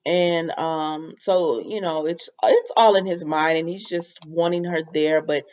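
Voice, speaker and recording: A woman's voice: deep voice, unhurried, darkish tone, dull audio. A woman giving a casual, rambling recap of a soap opera episode, with lots of fillers. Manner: chatty, rambling, filler-heavy retelling.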